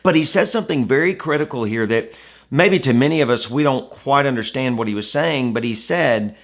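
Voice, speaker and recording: A man's voice: medium pitch, fairly quick. A man giving a devotional Bible teaching in a conversational way, often asking the listener rhetorical questions. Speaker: devotional speaker.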